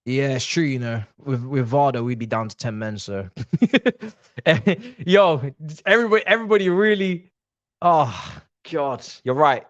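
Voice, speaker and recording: A man's voice: medium pitch, fairly bright tone, no room sound, dull audio. A man hosting a live football watch-along, talking straight to his viewers as a passionate fan.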